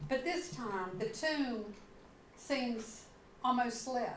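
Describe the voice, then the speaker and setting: A woman pastor preaching a sermon, telling the story slowly and dramatically. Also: a little high, animated, roomy sound, slight background noise, rough recording. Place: church sanctuary.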